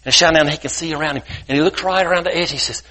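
A man's voice: a little high, racing, bright, forceful tone. A man preaching as a guest speaker, telling a folksy parable in a colloquial, homespun way. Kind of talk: sermon storytelling.

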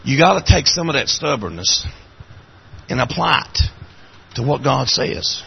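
Appalachian preacher guy, husky, pitch all over the place, folksy sermon, muffled lo-fi recording. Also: animated, measured pace. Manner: folksy storytelling, voice climbing high and cracking when moved.

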